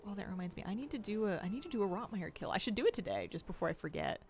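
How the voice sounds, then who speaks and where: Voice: mid-range voice, animated, racing, a little mellow, slight background noise. A streamer chatting casually at a home desk while gaming, reading out viewer messages and cooing at a pet cat in a playful baby voice. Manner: reads out and answers viewer chat.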